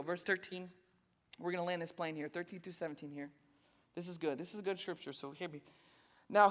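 A man preaching a sermon as a pastor, talking in an animated, conversational way with sarcastic asides. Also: a little high. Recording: long reverb of a large hall.

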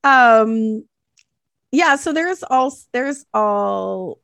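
Animated woman podcast co-host. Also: fairly high pitch, extremely slow, creaky, dry recording, studio quality. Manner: animated, laughs often, reads folklore passages aloud. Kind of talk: casual chat, storytelling.

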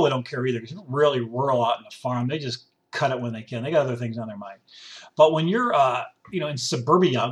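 A man's voice: mid-range voice, far from the mic. A middle-aged man in a casual ranting monologue, sarcastic and rambling, who drops into grumbling voices to mimic people who complain. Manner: rambling with restarts and repetition. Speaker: commentator.

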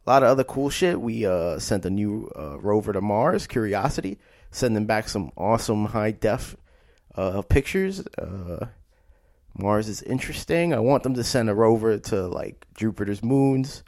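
A man's voice: on the low side, lively intonation, moderate pace, darkish tone, no echo, studio quality. A man hosting his own podcast solo, talking in a loose, casual way and swearing freely. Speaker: podcast host.

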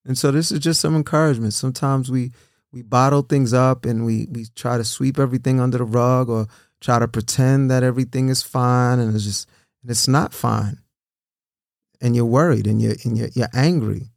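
Gravelly man giving earnest encouragement. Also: mid-range voice, fairly even intonation, moderate pace, dry recording, clean studio sound. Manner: earnest, repeats himself, asks "right?" often. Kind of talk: casual encouraging talk.

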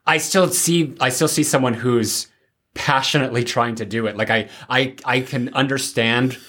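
A man's voice: mid-range voice, steady tone, normal speed, a bit bright. A man co-hosting a podcast, chatting casually, thinking aloud with frequent restarts and fillers. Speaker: podcast co-host. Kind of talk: casual chat.

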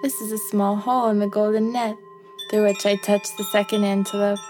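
A woman's voice: medium pitch, level tone, brisk, natural voice. A woman voicing a playful, stubborn young female antelope in a musical bedtime story, bubbly and coaxing with whoops and giggles. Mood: delighted. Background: soft music with chimes.

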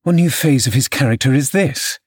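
A man reading an audiobook, voicing a proud, passionate young lady of the manor who speaks in an imperious, sharp way. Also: medium pitch, animated, moderate pace, husky, no echo, studio quality. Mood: indignant.

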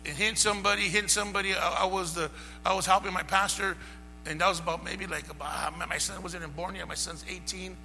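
A man preaches an impassioned sermon in a high, gravelly voice that swells into shouts. His tone is bright and forceful. The hall gives a long reverb, with faint music and hum behind him. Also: level tone, brisk. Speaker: pastor.

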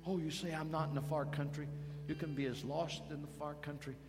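A man preaching a sermon as pastor, slow and emphatic, building to loud calls for the congregation to repeat after him. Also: fairly high pitch, level tone. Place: church sanctuary. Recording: reverberant church hall, faint guitar behind.

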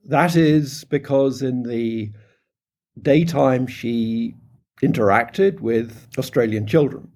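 A man's voice: medium pitch, slow, darkish tone. A middle-aged man with a British English accent, answering interview questions in a hesitant way with many ums and restarts. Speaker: phonetics researcher, interviewee.

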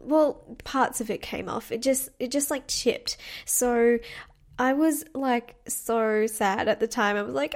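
A woman's voice: fairly high pitch, unhurried, creaky. A young woman hosting her own podcast, chatting casually and bubbly with many fillers and restarts. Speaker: podcast host. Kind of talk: casual solo podcast chat. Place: home room at her desk.

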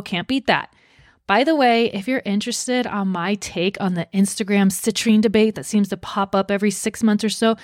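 A woman's voice: mid-range voice, dry recording, clean studio sound. A young woman hosting a podcast, reading a script in an upbeat way with playful asides. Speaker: podcast host.

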